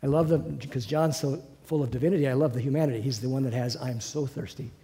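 A man's voice: mid-range voice, fast talker, dark tone. An older man teaching a Bible class over a video call, musing aloud with many restarts.

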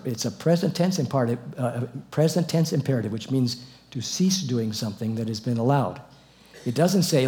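A man preaching a sermon in a warm, mellow voice of middling pitch. He tells the story with animated asides and little chuckles, speaking to a gathered congregation. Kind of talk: expository sermon on scripture.

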